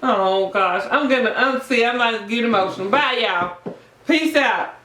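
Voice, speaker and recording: A woman, chatting to viewers in a sassy, animated, gossipy way while eating on camera. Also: fairly high pitch, normal speed, slight background noise. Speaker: mukbang vlogger. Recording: echoey room.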